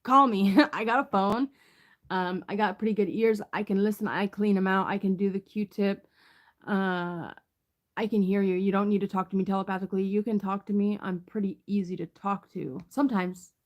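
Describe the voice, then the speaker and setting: A woman's voice: mid-range voice, fairly even intonation, moderate pace. A woman reading tarot in a casual, rambling chat, full of fillers and swearing. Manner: chatty, profane, rambling with many fillers. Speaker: tarot reader.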